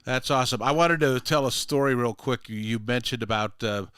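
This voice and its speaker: A man's voice: mid-range voice, brisk, a bit bright, smooth, no echo. An older man hosting a morning radio talk show, chatting casually and telling stories. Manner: chatty, tells stories with quoted voices. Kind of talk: casual on-air chat.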